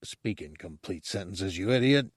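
A bossy, impatient pig-faced guard captain, voiced by a man narrating a storybook. He barks low and gruff, scolding his underling. The reading is dry and close. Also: lively intonation, normal speed, no room sound.

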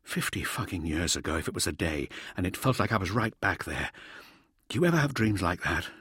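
A man's voice: deep voice, big pitch swings, a little fast, a bit bright, slightly rough, no echo, studio quality, full character voice. A man voicing a feverish, frightened old Uplander man who hisses and rambles in a strained, breathless voice.

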